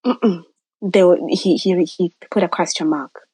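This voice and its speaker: A woman's voice: fairly low pitch, a little slow, dark tone, slightly rough, no echo, low-quality recording. A woman guest telling a personal story, acting out quoted voices and dropping to near-whispers.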